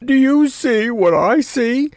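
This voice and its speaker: A man's voice: very high voice, expressive, slow pace, darkish tone, dry recording, pitched above the performer's own voice, exaggerated voice. A man voicing a flustered, panicky old king in an audiobook, with a quavering, spluttering way of talking. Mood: frantic. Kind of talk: audiobook character voice.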